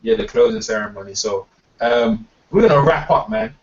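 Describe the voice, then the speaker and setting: A man's voice: fairly low pitch, lively intonation, moderate pace, far from the mic. A man, hosting a boxing talk stream and ranting heatedly, profane and emphatic, repeating words as he gets worked up. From England. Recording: dull lo-fi sound, off mic.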